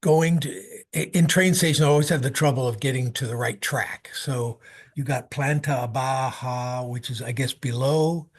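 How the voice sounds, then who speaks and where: Hesitant man with a husky voice. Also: mid-range voice. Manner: hesitant, halting. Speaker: student. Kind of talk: asking a question in an online class.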